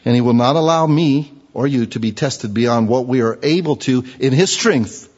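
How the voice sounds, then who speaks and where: A man's voice: mid-range voice, normal speed, a little mellow. A middle-aged man preaching a sermon, telling Bible stories with humor and acting out the scenes. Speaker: pastor. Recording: dull recording with long hall reverb.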